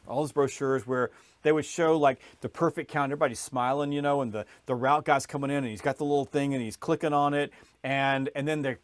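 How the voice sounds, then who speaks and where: A man telling a sales story in conversation, animated, acting out other people's voices as he goes. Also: no room sound. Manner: lively storyteller, acts out voices, rises in pitch when excited. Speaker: podcast guest, sales author.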